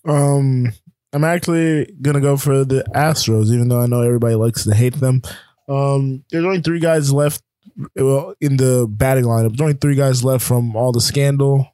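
Speaking at a moderate pace in a steady, dark, medium-pitched voice, this man co-hosts a casual sports talk show. His rundown of rankings and scores rambles and is full of fillers, recorded dry with studio quality.

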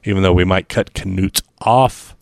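A man's voice: deep voice, moderate pace, gravelly, no echo, clean studio sound. A man co-hosting a casual podcast, wry and laid-back as he reads out the show's plugs. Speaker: podcast co-host.

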